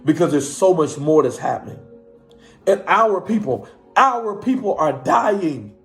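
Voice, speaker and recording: A man with a high voice speaks as a pastor to his online audience, his talk rising into a preaching cadence as he keeps calling on listeners to hear him. Faint music plays beneath his voice. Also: sing-song, unhurried. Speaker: pastor and live-stream host. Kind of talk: impassioned live-stream talk to viewers.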